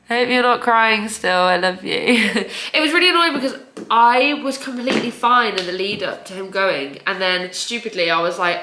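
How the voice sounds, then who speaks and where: A young woman speaks to her camera at home, her voice bright and forward. She rambles in a confessional vlog, breaking into nervous laughs and the odd swear. The room around her sounds echoey. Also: a little high, moderate pace. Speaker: vlogger. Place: home, indoors.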